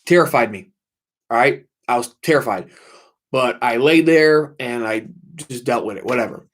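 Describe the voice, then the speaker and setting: A man's voice: medium pitch, normal speed. Man telling a ghost story on a livestream. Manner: intense, swearing, repeats himself for emphasis. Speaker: livestream host.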